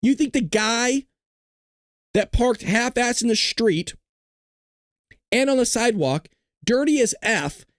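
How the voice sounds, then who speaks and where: A man hosting a live stream, ranting loudly with heavy swearing and jokes while he reads the chat. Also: extremely high pitch, lively intonation, slow pace, long pauses, no echo, studio quality. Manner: loud, ranting, profane, jokey. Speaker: livestream host.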